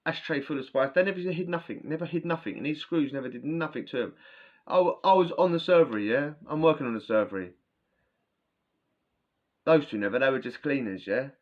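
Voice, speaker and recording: A man's voice: fairly high pitch, brisk, dull audio. A man telling prison stories casually to camera, rambling and swearing, often tagging lines with "yeah?". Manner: rambling, slangy, swearing, frequent "yeah?" tags. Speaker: vlogger recounting prison stories. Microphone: camera mic, talking to camera.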